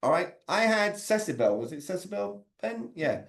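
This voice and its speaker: Higher-voiced man coaching over a video call. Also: very animated, normal speed, vocal fry, fairly bright tone. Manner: conversational, quizzing his audience by name. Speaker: sales communication coach. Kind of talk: interactive online training talk.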